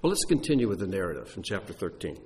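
Animated male Bible teacher. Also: low-pitched, racing, slight background noise. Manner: explanatory, conversational with fillers.

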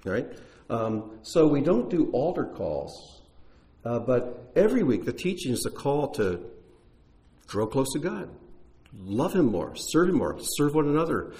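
A man's voice: mid-range voice, big pitch swings, unhurried, warm tone. A man leading his congregation, a pastor answering questions in a casual, explanatory way with frequent restarts. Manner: conversational, explanatory, uses fillers and restarts.

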